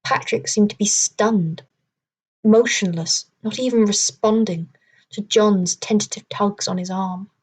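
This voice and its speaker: A woman reads a children's adventure novel aloud in steady, measured storybook narration. Her voice sits at an ordinary middle pitch and keeps an even pace. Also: slightly rough. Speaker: audiobook reader.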